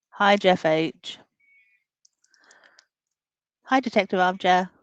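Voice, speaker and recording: A chatty caller on a live stream who talks in a relaxed, hesitant way, full of small fillers and light laughs. The voice is mid-pitched and dry, with no room echo. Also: very slow, smooth, highs cut off. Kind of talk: casual call-in conversation.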